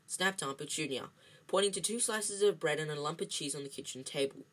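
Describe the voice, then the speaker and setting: Amateur storybook reading, trips over words, lots of ums, middle pitch. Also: a little fast, low-quality recording. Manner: reads with slips, restarts and ums. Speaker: reader. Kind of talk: amateur read-aloud of a novel.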